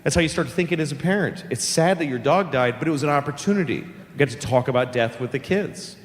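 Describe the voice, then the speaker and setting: A man's voice: on the high side, lively intonation, fast talker. A middle-aged man doing a stand-up comedy routine, ranting profanely with exasperated outbursts. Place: comedy venue stage. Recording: live hall reverb, faint ambience.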